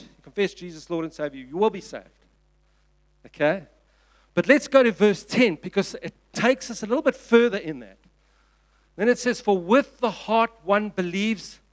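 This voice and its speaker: Earnest South African male pastor, repeats himself for emphasis, slightly high voice. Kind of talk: sermon. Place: church.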